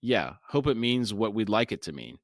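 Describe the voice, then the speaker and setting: A man reading the lines of a gruff but kindly male soldier from a fantasy novel, in his plain low voice. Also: big pitch swings, moderate pace, dry recording, studio quality. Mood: steady.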